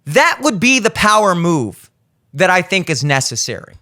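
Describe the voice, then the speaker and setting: Blunt, high-voiced man ranting. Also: very animated, normal speed, pushed and bright. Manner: blunt, profane, acts out quoted lines. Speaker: podcast host. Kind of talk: opinionated commentary. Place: studio.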